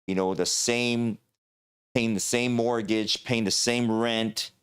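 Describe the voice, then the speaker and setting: A man's voice: mid-range voice, steady tone, takes it slowly, clean tone. A man hosting a livestream talk show, ranting with passion and filling his talk with "you know.".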